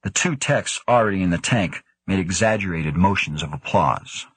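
A male narrator reading fiction aloud in a low, husky voice. The recording is close and dry, with no room around him. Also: expressive, moderate pace, fairly bright tone, no room sound. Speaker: audiobook narrator. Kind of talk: scripted narration.

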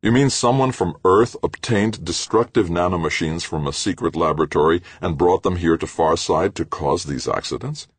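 A man's voice: low-pitched, normal speed, hardly any pauses, breathy edge, no room sound, pitched above the performer's own voice. A man voicing a blunt, skeptical male leader who talks in an incredulous way.

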